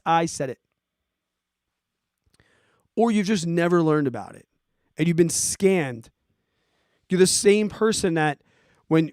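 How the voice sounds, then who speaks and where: A forty-year-old man hosting a podcast, ranting in an animated, exasperated way and giving casual advice to listeners. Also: high voice, dry recording, studio quality. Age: 40s. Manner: animated, exasperated, emphatic, swears. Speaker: podcast host answering listener questions.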